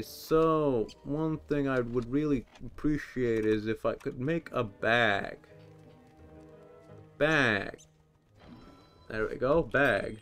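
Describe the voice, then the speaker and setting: Slow, rambling young man playing a game. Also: mid-range voice. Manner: rambling, jokey, sudden outbursts. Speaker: gameplay commentator. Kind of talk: let's play commentary.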